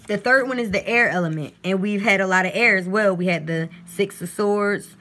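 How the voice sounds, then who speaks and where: A woman's voice: medium pitch, normal speed, fairly bright tone. A woman doing a casual, chatty live-stream tarot reading on her phone at home, partly reading aloud from a guidebook.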